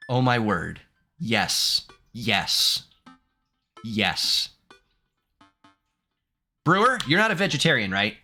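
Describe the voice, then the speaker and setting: A man in his thirties doing let's play commentary, reading game text aloud, animated and candid, laughing often. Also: medium pitch. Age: 30s. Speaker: gaming streamer.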